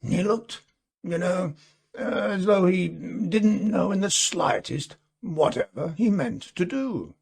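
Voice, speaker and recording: A man reading as a slow, gravelly gentleman recounting a ghost. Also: high voice, animated, pitched above the performer's own voice, full character voice. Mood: musing. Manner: musing, hesitant with many uh fillers. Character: earnest gentleman telling a ghost tale. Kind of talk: storybook reading.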